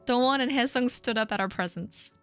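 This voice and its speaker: A woman in her thirties on a live stream, reading her old fan fiction aloud with self-mocking asides and squeaky sound effects. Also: fairly quick, a bit bright, faint music behind. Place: home streaming setup.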